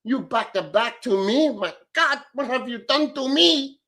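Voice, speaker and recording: A man putting on the voice of a gushing young bar girl in her twenties, breathy and swooning. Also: extremely high pitch, expressive, a little slow, bright, forceful tone, pitched above the performer's own voice, exaggerated voice.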